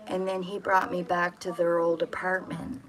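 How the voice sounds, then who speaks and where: A woman with a lowish voice from Atlantic Canada tells a personal story in a casual, rambling way. She is blunt and swears freely as she talks. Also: completely flat delivery, normal speed, crowd noise, poor audio.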